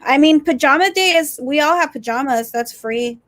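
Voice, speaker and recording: A woman's voice: high-pitched, moderate pace, fairly bright tone, no echo. A woman co-hosting a casual teachers' talk stream, chatty, often reading out viewer comments. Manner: chatty, reads comments aloud. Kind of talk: casual chat.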